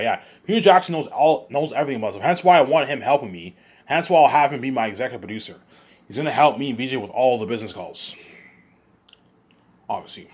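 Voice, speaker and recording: A man's voice: mid-range voice, breathy edge. Hyped man rambling in circles. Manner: hyped, repetitive, keeps circling back. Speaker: vlogger. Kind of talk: rambling monologue.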